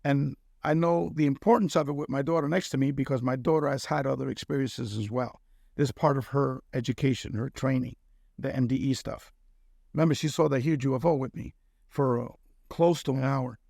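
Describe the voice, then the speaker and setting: A man's voice: medium pitch, steady tone, a little fast, gravelly, a little mellow, dry recording, clean studio sound. A middle-aged man from Cuba, a guest telling a personal story in casual conversation and often checking in with "okay?". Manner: earnest storyteller who keeps checking in with "okay?".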